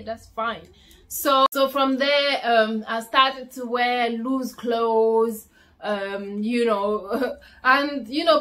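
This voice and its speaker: Young woman with a bright, slightly high voice, telling an animated personal story in a casual vlog. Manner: animated storytelling, acting out quoted dialogue; frequent fillers and restarts, swinging from loud to hushed. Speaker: vlogger.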